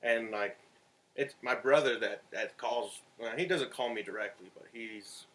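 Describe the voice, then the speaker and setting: A man's voice: on the low side, a little slow, pushed and bright. A young man hosting a podcast, laid-back and agreeable in casual chat, with some swearing. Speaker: podcast host.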